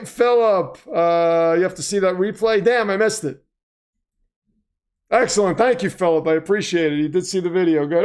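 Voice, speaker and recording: A man hosting a casual livestream, chatting and commentating, flustered at times and prone to excited outbursts. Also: sits high, unhurried. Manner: flustered, self-deprecating, breaks into excited shouts. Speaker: livestream host.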